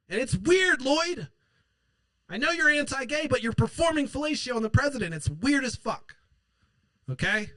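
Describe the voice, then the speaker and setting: Sharp-toned and high-pitched, this male political podcaster delivers a profane, sarcastic rant with no room sound. He curses nonstop and imitates his opponents mockingly.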